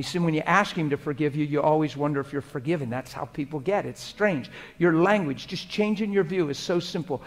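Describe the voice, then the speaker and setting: High-voiced man preaching a passionate sermon. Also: brisk, few pauses. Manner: swings between loud urgent preaching and hushed intimate prayer.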